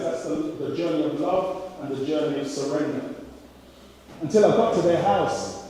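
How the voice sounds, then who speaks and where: A man's voice: fairly high pitch, normal speed, warm tone. A man with a Jamaican accent preaching an impassioned sermon as a pastor, building his points with repeated rhetorical questions. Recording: echoey hall, mic from far off.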